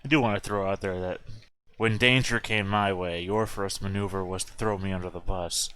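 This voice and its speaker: A man's voice: deep voice, fairly even intonation, normal speed, a bit bright, clear, resonant tone. A man playing in a tabletop game, arguing back in indignant banter. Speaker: player. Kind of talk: casual tabletop game play.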